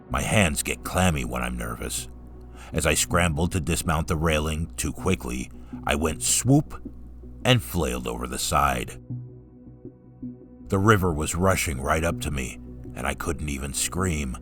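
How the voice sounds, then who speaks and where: A man reading a first-person story aloud in a calm, steady narrating voice. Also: very deep voice, unhurried, soft background music.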